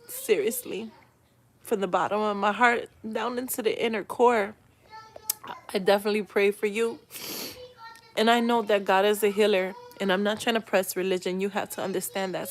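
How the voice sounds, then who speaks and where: A woman's voice: mid-range voice, fairly bright tone, a little hiss or hum. Emotional, earnest woman on a livestream. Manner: heartfelt, tearful, earnest encouragement; spiritual, pleading. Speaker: livestream host reading comments. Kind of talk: emotional live-stream talk.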